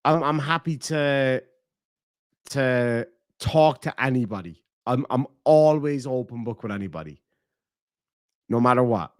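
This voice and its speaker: Irish male streamer, blunt and profane, mid-pitched, dry close sound, casual donation-reading chat. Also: unhurried, long pauses, no room sound. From Ireland. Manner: blunt and profane, animated swings in loudness. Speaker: livestream host.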